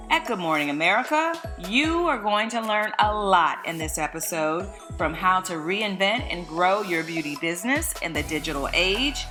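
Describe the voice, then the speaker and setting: A woman host reads a scripted podcast intro at a mid pitch in an upbeat, announcing tone. Music plays clearly beneath her voice.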